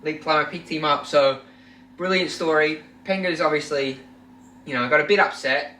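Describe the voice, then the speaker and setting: A man's voice: a little high, normal speed, distant mic, slight background noise. Man telling stories in an echoey room. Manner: animated storyteller, acts out quotes. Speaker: podcast co-host. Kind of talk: casual storytelling chat. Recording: echoey room, away from mic.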